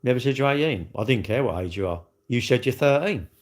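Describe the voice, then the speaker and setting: A man's voice: medium pitch, animated, quick pace. Rambling man hosting a livestream. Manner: rambling, repetitive, blunt, chatty. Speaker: livestream host. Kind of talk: casual chat to live viewers.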